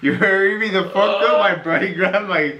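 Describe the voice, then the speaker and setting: A man's voice: sits high, moderate pace, lo-fi sound, over a noisy crowd. A young man casually jumping into his girlfriend's story, laid-back and laughing as he corrects her, swearing freely. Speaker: boyfriend chiming in. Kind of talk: casual chat.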